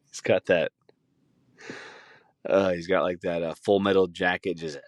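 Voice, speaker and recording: A young male podcast host with a lowish voice tells a loose, rambling, profane story in a relaxed chat, swearing a lot and slipping into quick impressions of the people he describes. The recording is dry and close, with no room sound at all.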